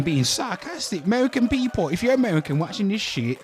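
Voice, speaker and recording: A man's voice: high-pitched, big pitch swings, fast, a little mellow. An English man in his thirties hosting a casual reaction commentary, swearing freely and talking straight to his chat. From England. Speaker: host.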